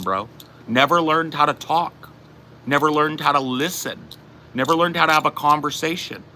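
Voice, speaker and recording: A man's voice: fairly high pitch, sharp tone, slight background noise. A man with a general Californian accent, from the southern US, ranting sarcastically to his chat. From southern United States. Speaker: streamer. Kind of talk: casual live-stream chat.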